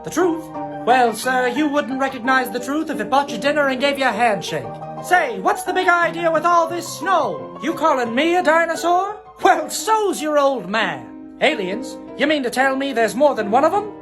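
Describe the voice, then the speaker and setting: A man's voice: very high-pitched, lively intonation, music in the background, voice pushed up. A man voicing a brash 1940s Hollywood leading man, wisecracking in old-time movie acting style. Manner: fast-talking, wisecracking, transatlantic bluster.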